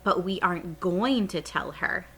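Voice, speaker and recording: A woman's voice: lowish voice, a little slow, fairly bright tone, slight background noise. A woman voicing a spirited, indignant young girl in a read-aloud children's story, eager and insistent.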